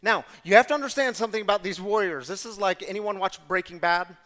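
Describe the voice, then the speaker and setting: A man serving as guest storyteller, delivering a sermon-style story in an animated, conversational way and speaking directly to the audience. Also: high voice, fast, big-room sound.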